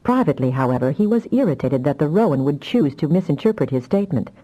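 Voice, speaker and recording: A woman narrating a fantasy audiobook with expressive storytelling. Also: low-pitched, fast talker, low-quality recording.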